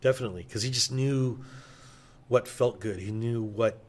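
A man's voice: mid-range voice, normal speed, a little hiss or hum. A middle-aged man, a session drummer, telling stories casually in an interview, loose and enthusiastic with plenty of fillers and swearing.

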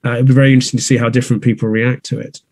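A man's voice: mid-range voice, little pitch movement, very fast, darkish tone, dry recording. A man, a theatre producer, talking in a thoughtful, conversational way with many restarts and fillers. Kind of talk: conversational interview. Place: north of England.

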